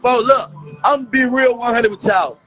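A man with a Chicago accent in rowdy livestream banter, loud and often shouting in profane street slang. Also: extremely high pitch, a little slow, faint music behind, low-quality recording.

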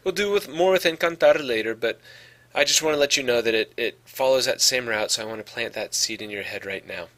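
A man's voice: mid-range voice, fairly quick, fairly bright tone. A man teaching a Spanish grammar lesson, explaining patiently and often checking in with "okay". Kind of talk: podcast lesson.

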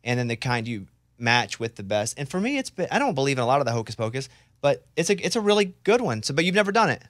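Fast-talking joking male radio host. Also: medium pitch, very animated, no echo, clean studio sound. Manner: quick, joking, self-mocking. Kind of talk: casual interview chat. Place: radio studio.

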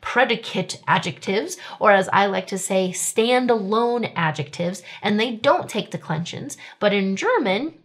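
A woman teaching a German grammar lesson in casual speech. She explains each step, keeps asking "right?", and says the German sample sentences slowly. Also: mid-range voice, expressive, breathy edge.

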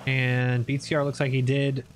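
A man giving lively, joking play-by-play commentary over tactical shooter gameplay as the channel host. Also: mid-range voice, normal speed, slight background noise.

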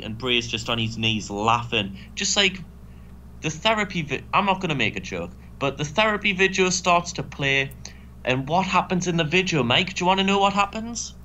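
A man rattles through a casual gaming commentary with sarcastic, sweary banter. His voice is bright and sits a little high, and it swings animatedly. A faint hiss sits behind it. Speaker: co-host.

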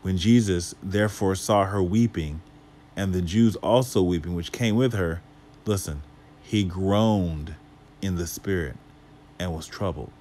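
Low-voiced man teaching from scripture. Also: a little slow, darkish tone. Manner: reads scripture aloud then explains it with rhetorical questions; casual asides to the listeners. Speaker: Bible teacher. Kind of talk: Bible study teaching.

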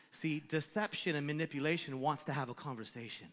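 A man preaching a sermon as pastor, animated and acting out voices in his stories. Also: fairly high pitch, a little fast, in a large hall.

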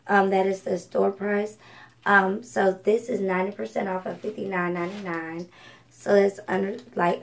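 A woman's voice: mid-range voice, creaky, a little hiss or hum, low-quality recording. A woman from Georgia, chatting casually through a thrift haul with lots of ums and self-corrections. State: coughing from allergies. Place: home at night.

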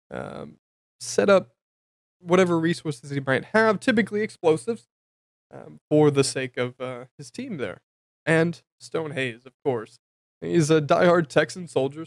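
A man's voice: medium pitch, no room sound. A man giving a casual, jokey recap of a tabletop game campaign, rambling with lots of fillers and self-corrections.

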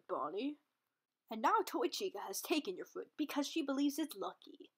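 An artist shows off her drawings and jokes about them, slipping into goofy asides, silly put-on voices, and bits of song. Her voice sits fairly high, with a fairly bright, slightly rough tone. It's playful comedic commentary throughout.

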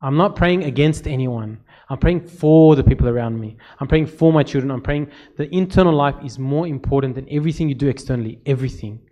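A man's voice: medium pitch, a little fast, hardly any pauses, mellow, dull audio. A man who is a priest, giving an informal talk to church servants, telling stories. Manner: conversational storytelling, repeats words when emphasizing.

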